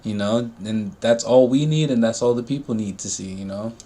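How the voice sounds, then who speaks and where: A man's voice: fairly low pitch, fairly quick, warm tone. A man co-hosting a podcast in casual chat, making his points with emphasis and repetition. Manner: emphatic, repeats himself.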